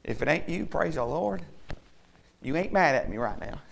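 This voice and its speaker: A man preaches to his church in a high-pitched voice. His tone is rough and gravelly. He swings between loud, emphatic calls and hushed, homely asides. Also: lively intonation, measured pace, slight background noise. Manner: swings from shouting to quiet, folksy and emphatic. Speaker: pastor. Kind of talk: sermon.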